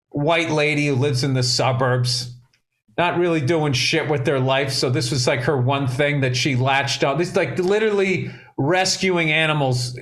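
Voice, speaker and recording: Male comic co-host, high-pitched, swears freely, tells loose stories with laughs mixed in. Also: fairly bright tone. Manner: profane, laughing storyteller. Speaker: comedian podcast co-host. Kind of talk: casual podcast chat.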